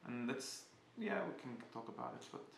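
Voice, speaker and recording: A man giving a casual spoken class, halting and often restarting as he searches for words. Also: mid-range voice, lively intonation, gravelly, echoey room, a little hiss or hum. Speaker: teacher.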